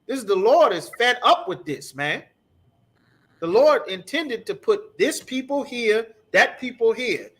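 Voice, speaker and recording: A man's voice: extremely high pitch, expressive, unhurried, fairly bright tone. A man teaching a scripture class, ranting in an emphatic, profane, repetitive way. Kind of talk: heated scripture breakdown.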